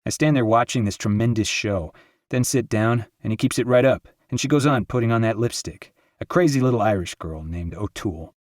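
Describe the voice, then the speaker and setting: A man narrating an audiobook in a steady, lyrical reading style. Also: lowish voice, a little fast, no room sound, clean studio sound. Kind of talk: scripted narration.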